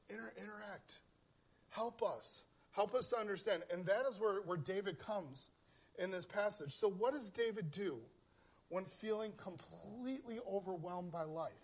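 A man preaching a sermon in church, earnest, often stumbling and repeating words as he voices heartfelt prayers aloud. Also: on the high side. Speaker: pastor. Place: church in South Central Pennsylvania.

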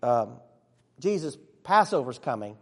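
A man playing an earnest, excitable disciple who tells his own story in a church monologue, chatty with sudden hushes and bursts. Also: mid-range voice, unhurried, heavily acted. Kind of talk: first-person dramatic monologue. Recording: long reverb of a large hall.

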